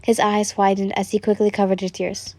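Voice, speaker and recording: A woman reading a fan story aloud as narrator, in a calm, even way. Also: mid-range voice, fairly quick, no echo.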